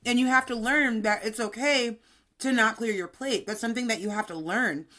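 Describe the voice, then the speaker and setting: A woman's voice: on the high side, normal speed, bright, forceful tone. A woman in her thirties, a fitness coach co-hosting a podcast, talking in a chatty, sassy, upbeat way. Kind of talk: casual podcast chat.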